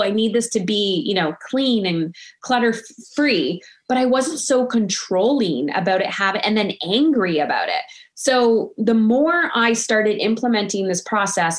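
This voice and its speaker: Chatty reflective middle-aged woman. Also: medium pitch. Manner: reflective, loose and chatty with many fillers. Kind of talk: casual conversation.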